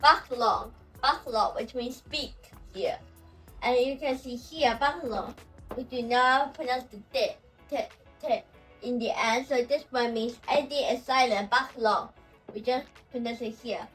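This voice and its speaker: A woman teaching language pronunciation, who talks slowly and says example words over and over. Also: a little high, fairly even intonation, far from the mic, faint music behind, rough recording. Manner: slow and repetitive, saying example words over and over. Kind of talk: explaining pronunciation.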